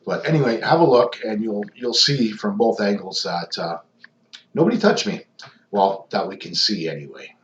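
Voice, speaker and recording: A man's voice: fairly low pitch, sing-song, moderate pace. A man who investigates hauntings talks casually through footage, rambling with lots of ums and restarts. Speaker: paranormal investigator. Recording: echoey, dull lo-fi sound.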